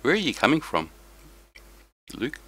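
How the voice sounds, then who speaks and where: A man's voice: mid-range voice, wildly swooping pitch, a little slow, pushed and bright, dry recording, poor audio. A tired young man chatting casually to viewers on a live stream, rambling about his race. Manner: rambling, talks to chat viewers. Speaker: sim racing streamer.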